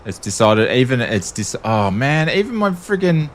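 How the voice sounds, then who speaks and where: A man's voice: medium pitch, big pitch swings, normal speed, slight background noise. A man with an Australian accent chatting casually on a livestream, talking freely and laughing often. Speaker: streamer.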